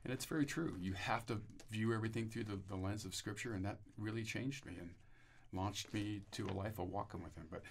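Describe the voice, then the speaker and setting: Man, lowish voice, rambling testimony, frequent restarts. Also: a little fast, slight background noise. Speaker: interview guest. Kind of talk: personal testimony.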